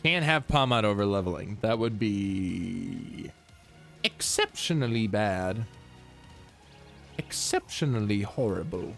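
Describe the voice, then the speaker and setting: A young man streaming a game, chatting casually and jokily, now and then yelping high or humming silly tunes. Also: animated, a little slow, gravelly, fairly bright tone. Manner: laid-back, jokey, breaks into high yelps and silly humming. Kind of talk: casual gameplay commentary. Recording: faint music in the background.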